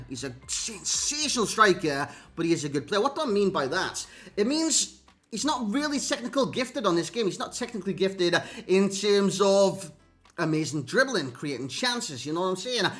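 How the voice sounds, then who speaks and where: A man's voice: high voice, a bit bright. A Geordie man giving chatty commentary over gameplay clips, calling his viewers lads and mate. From North East England. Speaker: gaming YouTuber. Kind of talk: casual video game commentary.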